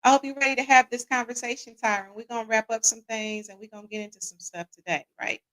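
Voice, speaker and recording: A woman's voice: on the high side, steady tone, fast talker, fairly bright tone, low-quality recording. An American woman hosting a live-streamed relationship talk show, chatty, greeting viewers by name and tagging lines with "right?". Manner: repeats "right?" as a tag; casual Southern-leaning slang, "y'all". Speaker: podcast host.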